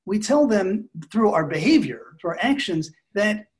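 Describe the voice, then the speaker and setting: A middle-aged man speaking as a marriage expert guest in a podcast interview, calm, measured and reflective in his delivery. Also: high voice.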